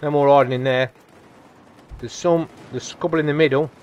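A man giving chatty, excitable live commentary over a shooter game as a gaming channel host. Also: a little high, a little fast, dull audio, slight background noise. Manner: chatty, excitable, repeats come on and whoa. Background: faint game gunfire.

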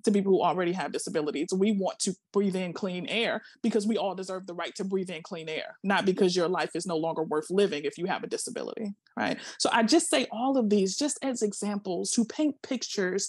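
A woman's voice: medium pitch, brisk, few pauses, darkish tone, husky, no echo, studio quality. A middle-aged woman giving a passionate seminar talk over a video call, emphatic and full of rhetorical questions. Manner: emphatic, repeats words, asks rhetorical questions. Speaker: seminar speaker.

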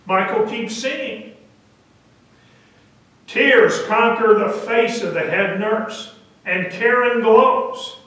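A man preaching who tells his story in a slow, deliberate way and pauses on a filler now and then. His voice sits fairly high. The sound carries a heavy church echo and comes from well back from the mic. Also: fairly bright tone. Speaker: pastor. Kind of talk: sermon storytelling. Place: church sanctuary. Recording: echoey church from a distance.

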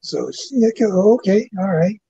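Gravelly older man telling a story. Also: high voice, expressive, warm tone, slight background noise. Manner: halting, frequent "you know". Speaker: guest. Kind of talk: personal storytelling. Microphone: webcast mic. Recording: dull lo-fi webcast audio.

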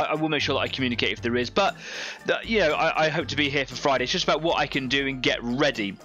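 Guy in his 30s rambling away on a live hobby stream, bright tense-ish voice, faint music behind. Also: medium pitch. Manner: rambling, friendly, chatty asides. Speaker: host of a live painting show. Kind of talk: casual live-stream chat. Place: home hobby workbench.

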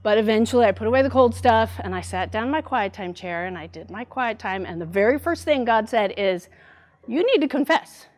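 A middle-aged woman giving a devotional church talk, telling a personal story in an animated way. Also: mid-range voice, a little fast, hardly any pauses. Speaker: church speaker.

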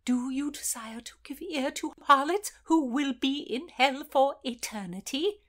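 A devout Tudor aunt who lectures in a slow, breathy half-whisper, as a woman reader puts her on. The voice sits a little high and lingers on every word of warning. It is a storybook reading, not a loud performance. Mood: stern hushed. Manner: slow, hushed, breathy pleading. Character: pious devout Tudor aunt, anxious and preachy. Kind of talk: audiobook character reading.

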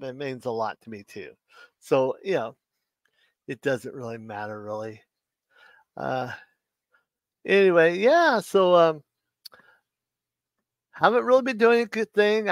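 A man's voice: a little high, a bit bright, smooth, dry recording. Chuckling man reading dad jokes. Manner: reads jokes aloud, chuckles at his own punchlines, rambling. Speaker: live stream host telling jokes. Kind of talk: casual live-stream joke telling.

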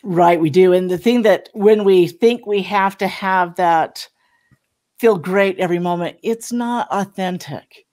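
A woman's voice: lowish voice, measured pace, darkish tone. A woman co-hosting an interview, speaking reflectively and thinking aloud. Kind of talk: conversational interview.

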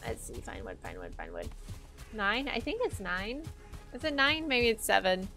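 A woman's voice: mid-range voice, sing-song, moderate pace, sharp tone, soft background music. A woman live-streaming a game, thinking aloud in a chatty, playful, teasing way. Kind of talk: live-stream gameplay chat.

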